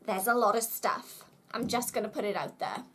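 A young woman from the UK talks through her shopping haul in a casual, chatty vlog. Her voice sits high, and she comes across as bubbly and quick to poke fun at herself. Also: a bit bright, slightly rough. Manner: bubbly, chatty and self-mocking. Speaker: vlogger.

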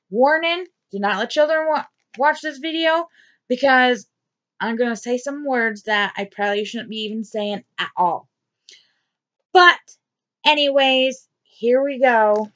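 Slow-talking angry woman reading her diary. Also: high-pitched, fairly bright tone. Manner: angry, emphatic, repeats herself. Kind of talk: personal diary vlog. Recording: dull lo-fi sound.

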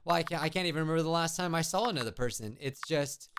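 A man reading the lines of a lonely, motherly woman witch who lives alone in the woods, in a soft and polite way. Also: fairly high pitch, fast, slight background noise. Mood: wistful. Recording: game music behind.

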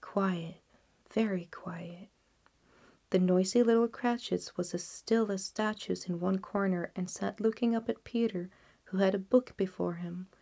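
Soft-spoken woman storyteller. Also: mid-range voice, fairly even intonation, normal speed, creaky. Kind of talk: audiobook narration.

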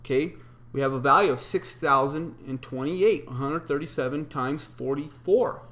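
Speaking at a normal speed, this man has a slightly high, fairly bright voice. In his solo explanatory monologue he recites long runs of numbers and scripture quotes in a methodical way, with plenty of ums and uhs.

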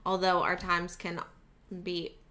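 A woman's voice: lowish voice, completely flat delivery, slow pace, crowd noise. A woman co-hosting a reaction video, agreeable and chiming in with short replies. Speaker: reaction channel co-host. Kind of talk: casual chat.

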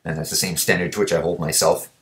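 A man's voice: deep voice, little pitch movement, fast, a bit bright. Profane ranting young man vlogger. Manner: swears constantly, blunt and combative.

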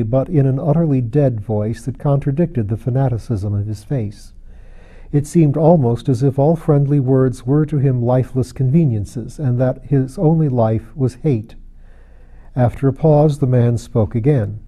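A man reading a classic novel aloud in a measured, even audiobook narration. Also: medium pitch. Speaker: audiobook reader.

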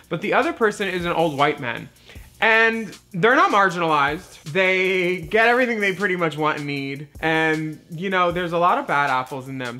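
A man's voice: a little high, bright, forceful tone. Crude, mocking man in his forties. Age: 40s. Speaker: comedy show host. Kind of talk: raunchy comedic video commentary.

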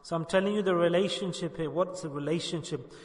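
A Sufi preacher with a fairly high-pitched voice delivers a quick-paced sermon to a gathering, stressing and repeating his main points emphatically. The hall is echoey, with long reverb.

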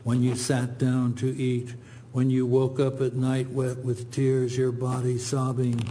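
A man giving a poetry reading, reciting in a slow, measured, even way. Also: mid-range voice, slight background noise. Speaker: poet.

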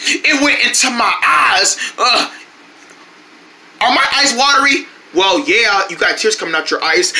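This is a performer voicing a playful comedy skit, very bright and sharp in tone. The pitch leaps all over the place, between squeals and shouts. The talk is quick and rambling, full of restarts. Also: a little hiss or hum. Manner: excitable, shouts and squeals often.

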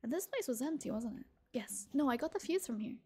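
A young woman streaming a game, chatting casually and brightly with her chat, greeting viewers by name and giggling often. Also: sits high, animated, fairly quick, slightly rough. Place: small room with thin walls, indoors.

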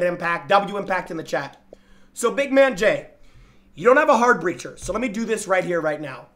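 Loud, teasing young male streamer. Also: high voice, normal speed. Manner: loud and excitable, teasing, swings between shouting and muttering. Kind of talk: live-stream chat reacting to viewer gameplay clips.

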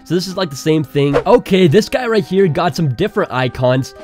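An excitable man talks through a casual tech walkthrough, laughing often. His voice sits a little high, with faint music playing underneath. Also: brisk. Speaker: tech video host.

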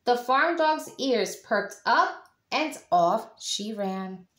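Expressive teacher reading a picture book aloud, woman, unhurried, roomy sound. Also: fairly high pitch. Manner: slow, expressive storytelling. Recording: echoey room.

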